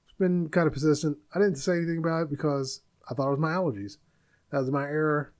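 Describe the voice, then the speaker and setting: A man's voice: a little high, fast talker. A man in his forties hosting a podcast, venting bluntly in a casual monologue. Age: 40s. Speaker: podcast host.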